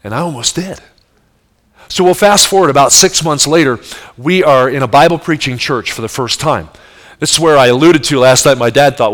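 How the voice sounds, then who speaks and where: An adult man with a medium-pitched, fairly bright voice preaches a sermon at a moderate pace. He tells a story vividly, acting out the voices of its characters, and speaks straight to his audience with questions.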